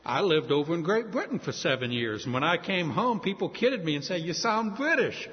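A man delivers an expository sermon, walking through scripture with friendly, conversational asides. His voice sits a bit high and moves animatedly up and down. The sound is dull and lo-fi, with a long reverb trailing off as if in a large hall. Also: very animated, fairly quick. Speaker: preacher.

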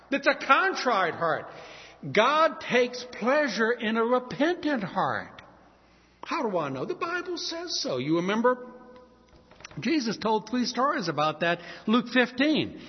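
A man preaching a sermon, impassioned, swinging between hushed pleading and loud emphasis. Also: high-pitched. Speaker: pastor. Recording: dull lo-fi sound in a reverberant hall.

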